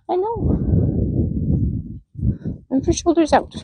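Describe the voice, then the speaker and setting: A woman training a horse on the lunge line, calmly explaining each step and praising the horse. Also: extremely high pitch, slow, pauses often, no echo, lo-fi sound. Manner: calm coaching, talking to the horse. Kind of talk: narrated lunging session. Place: outdoor arena.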